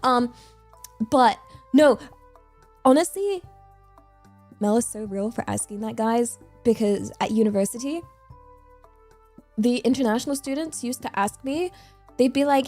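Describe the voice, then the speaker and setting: A woman's voice: on the high side, expressive, unhurried, long pauses, a little mellow, soft background music. A young English woman streaming, chatting casually with viewers in a bubbly, chatty way and laughing often. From England. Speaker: VTuber streamer.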